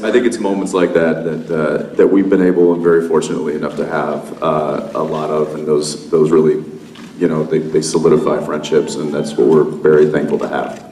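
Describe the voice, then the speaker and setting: A man on a convention panel telling a relaxed, laughing anecdote, full of fillers. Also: extremely low pitch, creaky. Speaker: panel guest. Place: convention hall with audience. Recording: echoey convention hall with background noise.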